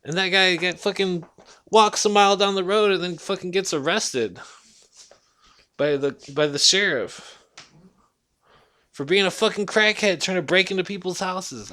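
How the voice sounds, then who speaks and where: A man's voice: high-pitched, sharp tone. A man delivering a blunt, profanity-heavy casual rant to the camera. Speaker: vlogger.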